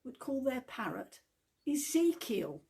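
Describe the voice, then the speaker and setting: A woman's voice: sits high, sing-song, slow pace, vocal fry, mellow, husky, full character voice. A woman voicing a greedy, cocky male burglar in a told joke, muttering to himself. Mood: defiant. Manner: muttering to himself, then defiant.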